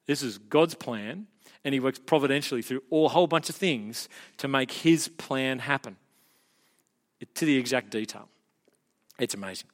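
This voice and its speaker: A man preaching a sermon as a pastor, telling the story in an animated way and building to emphatic peaks. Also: mid-range voice, moderate pace, big-room sound.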